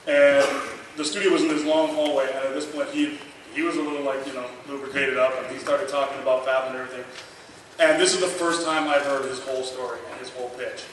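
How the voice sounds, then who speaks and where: A man in his thirties telling a lively anecdote at a convention panel, acting out the dialogue and laughing often. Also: mid-range voice, fast talker. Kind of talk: storytelling at a memorial panel. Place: large convention hall. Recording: echoey hall miked from far, noisy.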